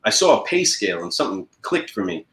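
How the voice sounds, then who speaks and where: A man's voice: fairly low pitch, quick pace. A man from New York telling stories in a casual interview about getting into car sales, acting out the people he quotes. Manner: animated storyteller who acts out quoted people. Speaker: guest, car sales professional. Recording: echoey room.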